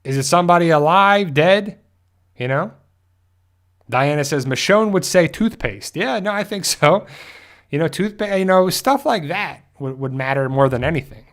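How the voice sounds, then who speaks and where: A man's voice: fairly high pitch, expressive, normal speed, fairly bright tone. A man hosting a casual fan livestream, reading out viewer comments, chatty and laughing often. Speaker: host of a fan discussion show.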